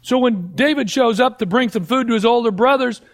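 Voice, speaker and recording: A man preaching a sermon in an emphatic question-and-answer manner, dropping at times to a low hush. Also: fairly quick.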